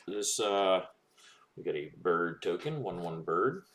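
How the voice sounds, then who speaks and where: A man casually commenting on a live stream while opening card packs, relaxed and rambling with fillers. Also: low-pitched, measured pace. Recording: echoey room with faint noise.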